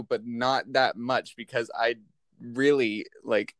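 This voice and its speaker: A young man talks in a relaxed, matter-of-fact way, his speech full of casual fillers. His voice has a medium pitch. The recording is dry and close. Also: unhurried, no room sound. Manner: laid-back, matter-of-fact, filler-heavy. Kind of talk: casual chat.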